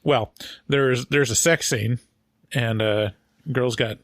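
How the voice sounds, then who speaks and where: A man co-hosting a casual podcast film review, rambling and halting with fillers as he recounts scenes. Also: medium pitch, fairly even intonation, a bit bright, no room sound, clean studio sound. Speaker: podcast co-host.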